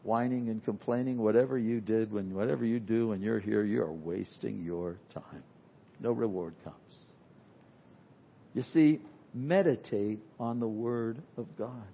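A man preaching an unscripted sermon, swinging from loud emphasis to near-whispers and acting out complainers in quick asides. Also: lowish voice, gravelly, breathy edge, dull audio. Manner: animated, swings from loud to very quiet. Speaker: pastor.

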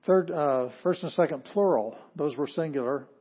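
A man's voice: on the high side, moderate pace, husky. Chatty man with a twang, teaching. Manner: chatty, self-correcting, joking asides. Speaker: Greek teacher. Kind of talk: classroom lecture. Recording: dull lo-fi lecture recording.

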